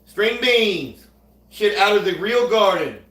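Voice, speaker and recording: A man's voice: sits high, lively intonation, slow pace, a bit bright. A man, chatting loosely on a livestream while cooking, drawling, rambling and laughing often. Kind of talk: casual livestream chat. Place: at home, cooking. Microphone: phone. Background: food frying and sizzling.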